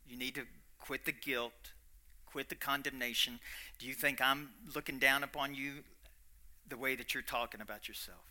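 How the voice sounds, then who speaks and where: A man voicing God speaking to him, calm and reassuring, in a slightly lower voice than his own. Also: moderate pace. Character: God speaking gently to a preacher, male.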